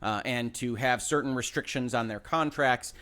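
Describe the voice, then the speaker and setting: A man, a lawyer and show host, explaining a legal case in a measured, careful way with frequent pauses and fillers. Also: medium pitch, pushed and bright.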